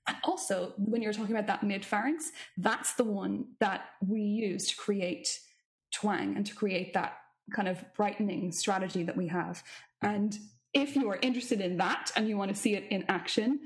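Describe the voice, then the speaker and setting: A woman singing teacher in casual chat, animated and curious, with quick asides. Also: medium pitch.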